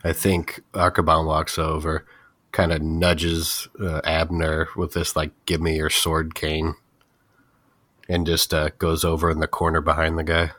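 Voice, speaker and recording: A man playing a tabletop game, talking in a dry, low-key way. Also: completely flat delivery, measured pace, a bit bright, no echo. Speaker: player. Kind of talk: casual chat.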